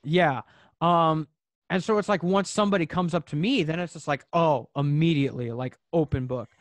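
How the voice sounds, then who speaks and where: A man's voice: fairly high pitch, normal speed, no echo. A young man chatting casually as a podcast guest, hesitant and jokey, with many restarts. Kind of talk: casual chat.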